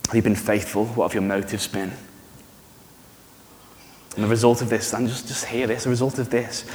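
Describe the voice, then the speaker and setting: Preacher in a reverberant hall. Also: male voice, on the low side, normal speed, a little hiss or hum. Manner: conversational, animated, asks the congregation questions. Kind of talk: sermon. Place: church hall.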